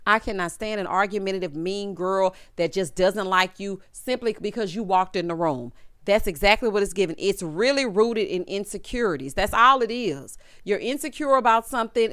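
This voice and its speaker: A woman's voice: medium pitch, lively intonation, moderate pace, a bit bright, dry recording, studio quality. Sassy woman recapping reality TV. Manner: sassy, blunt, scolding asides to the cast; calls viewers honey and baby. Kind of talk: casual recap commentary.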